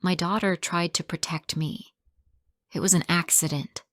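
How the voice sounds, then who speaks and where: A woman's voice: fairly low pitch, fairly even intonation, normal speed, no room sound, clean studio sound, lightly acted. A woman voicing a poor, frightened mother who pleads and cries out to protect her daughter. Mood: whispering. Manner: pleading, rising to screams under threat.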